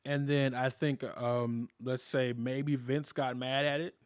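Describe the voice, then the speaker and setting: A man's voice: mid-range voice, little pitch movement, slow, clear, resonant tone, no room sound, studio quality. A man co-hosting a podcast in casual chat, laid-back and conversational, swearing now and then. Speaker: podcast co-host.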